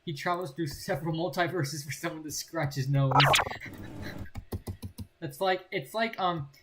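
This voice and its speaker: A man's voice: on the high side, unhurried, heavy background noise. A young man in casual gameplay commentary, playful and rambling as he jokes about the characters on screen. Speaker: gaming channel host.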